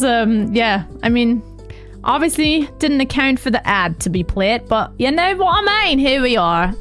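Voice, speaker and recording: A woman streamer chatting with her viewers on a live stream, bubbly and greeting each by name. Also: on the high side.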